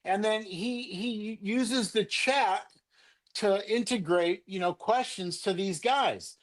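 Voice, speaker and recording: A man's voice: high-pitched, takes it slowly. An older man, a sports card collector, ranting with profanity in a rambling, angry way on a livestream video call. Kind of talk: heated livestream rant. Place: home, remote video call.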